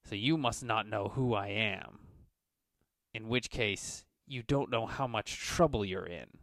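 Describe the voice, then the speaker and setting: A man's voice: on the low side, a little slow, fairly bright tone, no echo, studio quality. A man voicing a cocky merchant crime boss who blusters and threatens his captors. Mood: menacing. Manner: blustering, menacing, smooth-talking.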